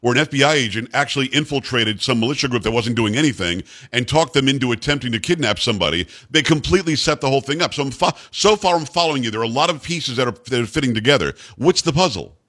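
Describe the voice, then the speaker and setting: A brash man hosting talk radio speaks quickly and bluntly, jumping in on his guest. His pitch swings widely as he builds his points, from a middle-range base. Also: lively intonation, a bit bright. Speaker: radio talk show host.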